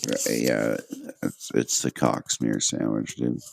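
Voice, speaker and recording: A man's voice: extremely low pitch, level tone, slow, gravelly, no room sound. A man co-hosting a podcast in casual chat, cutting in with short, crude heckling remarks. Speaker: podcast co-host.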